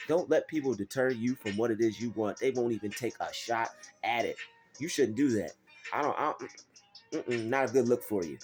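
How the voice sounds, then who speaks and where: A man giving a faith-based motivational talk, preachy and animated, acting out doubters in mocking voices. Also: medium pitch, brisk, soft background music. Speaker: motivational vlogger.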